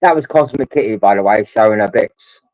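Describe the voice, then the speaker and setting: A man's voice: fairly low pitch, a little fast, dry recording. Crude rambling male livestreamer, lo-fi sound. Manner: crude, swearing, addresses chat as lads. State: drinking. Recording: dull lo-fi stream audio.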